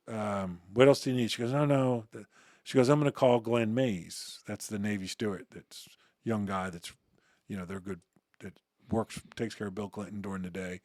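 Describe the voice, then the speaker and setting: A man's voice: lowish voice, no echo, studio quality. A man who is the guest on an interview show, telling stories in casual conversation. He acts out quoted dialogue and restarts his sentences often. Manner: animated anecdote-telling, acting out quoted dialogue with frequent restarts. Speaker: interview guest, former uniformed security officer.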